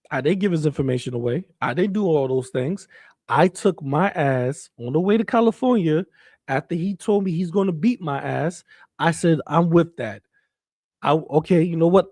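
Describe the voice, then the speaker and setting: A man delivers a heated, rambling rant, repeating himself and swearing as he trash-talks. His voice sits a bit higher than most men's. The sound is close and completely dry. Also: darkish tone, dry recording. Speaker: commentary streamer. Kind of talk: ranting commentary.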